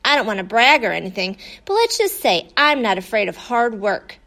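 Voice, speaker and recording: A woman voicing an eager, boastful young male dog in a storybook, excited and bouncy. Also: on the high side, moderate pace.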